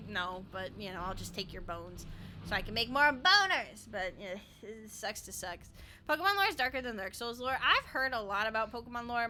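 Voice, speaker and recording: A woman's voice: a little high, pushed and bright, a little hiss or hum. A woman streaming a game, chatting casually, giggling and rambling, sometimes breaking into playful chants. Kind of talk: casual gameplay commentary.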